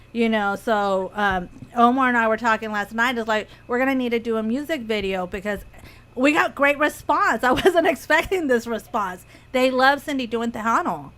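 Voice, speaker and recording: High-voiced woman telling animated stories. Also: normal speed. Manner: animated storytelling, quotes others, laughs often. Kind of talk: casual radio chat.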